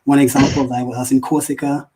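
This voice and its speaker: Fast-talking British man, husky and dark. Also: mid-range voice, level tone, low-quality recording. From London, UK. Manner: rapid, searching for words with many fillers. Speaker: guest. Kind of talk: casual interview talk. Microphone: video call.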